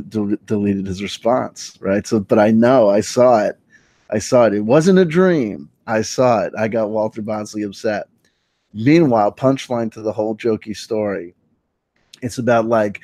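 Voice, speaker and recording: A man hosting a stream, telling a casual story and acting out old online exchanges with laughs and quick asides. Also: mid-range voice, dry recording. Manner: animated, laughing, acts out quoted exchanges. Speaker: stream host. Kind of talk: casual storytelling with mock readings of tweets.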